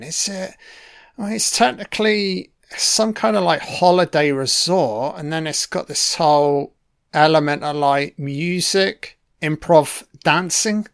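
A man's voice: a little high, measured pace, creaky, smooth, no echo, clean studio sound. A man giving a casual, laid-back film commentary, swearing often and talking back to the characters on screen.

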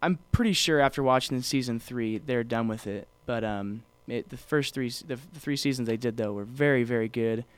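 This is a man with a smooth, clear voice, co-hosting a podcast in a loose, rambling way, full of ums and restarts. He sounds close and dry, with no room around him. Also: mid-range voice, fairly quick, few pauses, no echo. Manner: rambling, many fillers and restarts. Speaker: podcast co-host. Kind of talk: casual chat.

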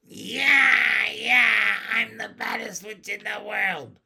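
A man voicing a rowdy little girl in a witch mask, yelling boastfully. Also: very high-pitched, normal speed, vocal fry, a crowd in the background, voice pushed up. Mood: gleeful shouting. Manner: shrieking boastful yells.

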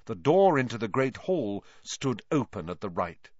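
A man narrating a storybook reading in an expressive, animated way. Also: mid-range voice, normal speed, dry recording. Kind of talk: audiobook reading. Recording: dry, dull lo-fi.

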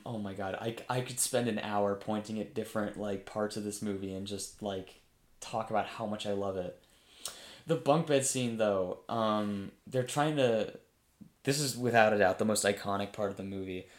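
Man, casual vlog monologue, excited, rambling, laughs a lot, swears, echoey room. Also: lowish voice. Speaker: vlogger reviewing a comedy film. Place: home room with his dog nearby.

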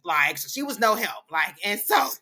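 A woman on a casual podcast tells a story in a bright, forceful voice, laughing as she goes. She acts out what others said and swears freely in loose slang. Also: medium pitch, normal speed. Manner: animated, laughs often, acts out quoted voices; profane, slangy. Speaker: podcast co-host.

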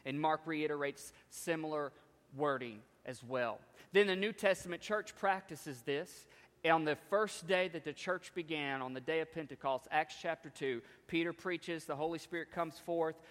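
A man's voice: fairly high pitch, normal speed, fairly bright tone. A man preaching a sermon as pastor, emphatic, with repetitions and call-outs to the congregation. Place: church sanctuary. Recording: long hall reverb.

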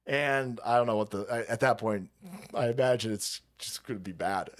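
A man from California with a fairly low voice rants about politics on a livestream at a normal speed. His commentary is profane, peppered with swearing, laughter, and mockery.

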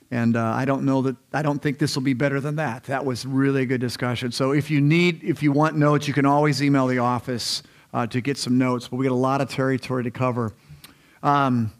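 A man preaching a sermon in a church, conversational and rambling, often restarting his sentences. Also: medium pitch. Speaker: pastor. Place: church sanctuary.

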